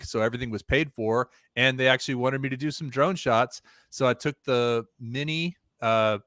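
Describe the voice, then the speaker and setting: A man guesting on a livestream, telling stories in a relaxed, conversational way. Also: medium pitch, dry recording, clean studio sound. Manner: relaxed storyteller, easygoing and conversational. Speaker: guest drone pilot. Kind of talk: casual interview chat.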